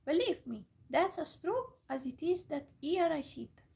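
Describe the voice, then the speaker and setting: A woman voicing a kindly, talkative male crow in a whispered role-play, eager and halting. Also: high voice, very animated, vocal fry, a little mellow, pitched above the performer's own voice, heavily acted.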